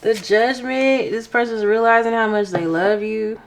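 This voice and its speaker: A young woman giving a casual tarot reading to her viewers, expressive and excitable, talking through tears at times. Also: on the high side, normal speed. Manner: expressive, excitable, exclaims often. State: emotional, near tears. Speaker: tarot reader.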